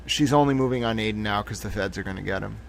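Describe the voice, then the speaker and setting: A man's voice: on the low side, quick pace, gravelly, slight background noise. A man in his thirties hosting a live stream, ranting in a heated, profane way. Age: 30s. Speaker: livestream host.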